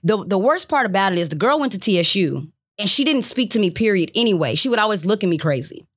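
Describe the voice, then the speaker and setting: A woman co-hosting a casual podcast chat, telling stories in an animated way and acting out what people said. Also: mid-range voice, fast. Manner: animated storytelling, acting out quotes. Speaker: podcast co-host.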